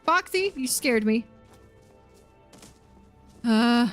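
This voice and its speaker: A woman streaming a game, chatting casually and excitably, yelping and laughing as she plays. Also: on the high side, very slow, soft background music. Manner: chatty and excitable, yelps and laughs while playing. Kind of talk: casual gaming commentary.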